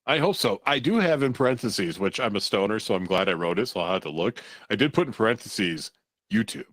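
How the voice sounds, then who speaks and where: A man's voice: lowish voice, animated, fairly quick, fairly bright tone, dry recording. A man hosting a casual talk show, reading odd news stories aloud, loose and profane and laughing at the material. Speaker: podcast host.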